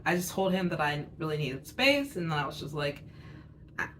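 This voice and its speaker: A woman's voice: low voice, very animated, moderate pace, fairly bright tone, slight background noise. Rambling woman in her twenties. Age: 20s. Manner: rambling, filler-heavy, candid. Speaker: vlogger telling a personal story. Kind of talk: casual storytime chat.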